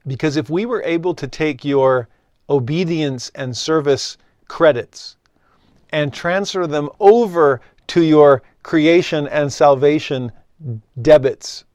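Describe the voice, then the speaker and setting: A man's voice: on the high side, slow, a little mellow, no echo, studio quality. A man giving an earnest scripture lesson, explaining a point and acting out short exchanges with God. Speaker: religious teacher.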